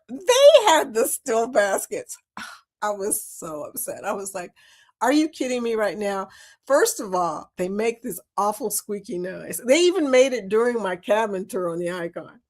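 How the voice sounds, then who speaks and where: A middle-aged woman chats casually on her livestream. She laughs often and tells her stories with a lively, swooping pitch. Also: measured pace. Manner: chatty, laughs often, animated storytelling. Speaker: host of a cruise chat livestream. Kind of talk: casual livestream chat reading viewer comments.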